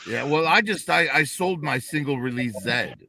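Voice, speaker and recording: A man in casual chat as a podcast co-host, relaxed and talkative. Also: fairly high pitch, moderate pace, creaky.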